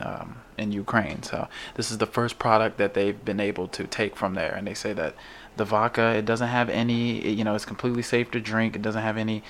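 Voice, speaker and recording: A man's voice: fairly low pitch, a little hiss or hum. A man hosting a casual podcast chat, rambling loosely with jokes and fillers. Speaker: podcast host reading news.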